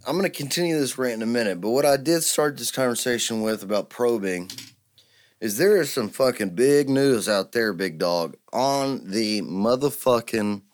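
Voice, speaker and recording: A man hosting a solo podcast, ranting heatedly and swearing constantly. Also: mid-range voice. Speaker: podcast host.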